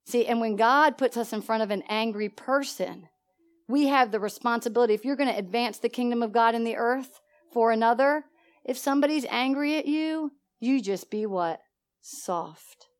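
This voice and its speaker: A middle-aged woman preaching a sermon, telling a personal story with lively swings between loud and soft, and asking the congregation questions. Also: fairly high pitch, moderate pace.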